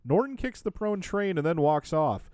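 A man's voice: fairly high pitch, big pitch swings, moderate pace, a little mellow, dry recording, clean studio sound. A man co-hosting a podcast, recapping in casual chat with a sarcastic, wry tone and frequent laughs. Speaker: podcast co-host.

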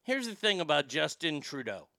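A man's voice: fairly high pitch, sing-song, normal speed, creaky, pushed and bright, dry recording. A man hosting a comedy show, delivering a crude, rambling monologue. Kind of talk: stand-up style comic monologue.

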